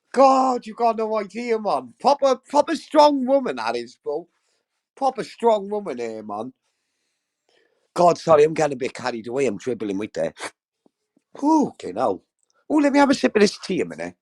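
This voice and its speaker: Lively high-voiced sweary man. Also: normal speed. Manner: sweary, effusive, rambling, addresses chat directly. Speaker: livestream host. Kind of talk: casual livestream chat.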